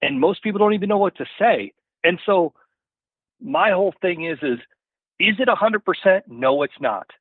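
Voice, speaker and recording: Guesting on a podcast, a man from a hunting gear company rambles through a casual story, repeatedly adding "you know" and "right?" His high voice is expressive and slightly rough, at a moderate pace. The recording has no room sound and sounds tinny, like a phone line.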